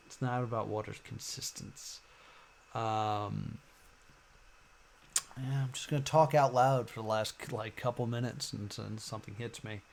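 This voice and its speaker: A man streaming a puzzle game, thinking out loud slowly, with sudden excited outbursts. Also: on the low side, vocal fry, slight background noise. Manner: slow, musing, bursts into excited outbursts. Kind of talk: thinking out loud while gaming.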